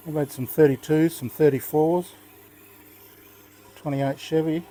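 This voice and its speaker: An older man with an Australian accent chats in an easygoing, rambling way, full of good humour. His voice is mellow and dark, with a relaxed, unhurried delivery as he explains his work. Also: fairly high pitch, slight background noise. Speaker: knife sharpening channel host. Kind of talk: casual talk while demonstrating.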